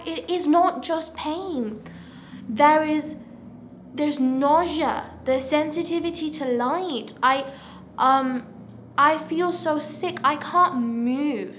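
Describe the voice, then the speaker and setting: A sixteen-year-old girl speaking earnestly and haltingly about her own experience, often checking in with "right?". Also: high-pitched, fairly bright tone. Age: teenager, 16. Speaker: self-help vlogger sharing her experience. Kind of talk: personal testimony to camera.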